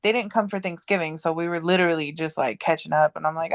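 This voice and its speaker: A woman's voice: on the low side, steady tone, a little fast, no echo. A woman as a podcast guest in casual chat, telling a rambling story with many restarts and fillers.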